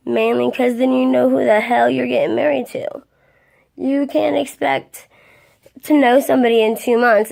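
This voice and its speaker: Blunt, profane woman venting, creaky voice. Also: a little high, darkish tone. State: tired, yawning. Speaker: vlogger. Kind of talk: ranting vlog monologue.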